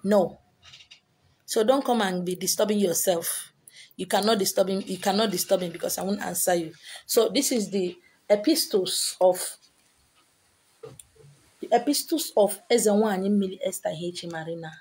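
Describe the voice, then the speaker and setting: A woman's voice: mid-range voice, moderate pace, pauses often, darkish tone, slightly rough. A woman with a Nigerian accent, a spiritual teacher lecturing her viewers in a monologue, emphatic and repetitive, scolding them with rhetorical questions. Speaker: spiritual teacher selling handouts.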